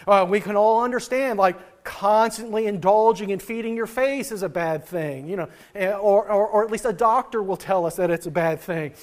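A male pastor delivers a chatty sermon in a fairly high voice. He talks like he is telling friends a story, chuckling and stumbling over restarts as he goes. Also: normal speed, hardly any pauses. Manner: conversational, laughs at own stories, frequent restarts.

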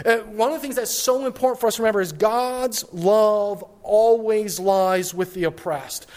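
A man's voice: high voice, moderate pace, few pauses, a little mellow. A man pastor giving a sermon, telling a personal story in a conversational way with frequent restarts.

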